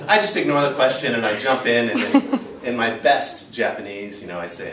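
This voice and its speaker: An American man in his thirties, speaking in a mid-range voice that's a little fast and a bit bright, tells a personal story to a live audience at a storytelling show. His delivery is loose and chatty, packed with fillers. The distant mic picks up a roomy venue sound and a faint hiss or hum.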